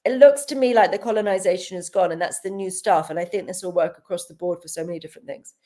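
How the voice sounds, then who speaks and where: A woman's voice: lowish voice, quick pace. A woman, a healer guest on a podcast, telling stories in casual chat with frequent laughs and acted-out dialogue. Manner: animated, laughs often, acts out quoted dialogue.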